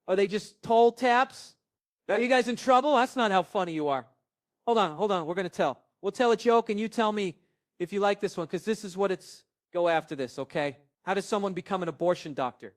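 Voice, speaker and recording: A middle-aged man doing stand-up on a club stage, telling a profane, animated story and mimicking his family. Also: high-pitched. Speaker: stand-up comedian.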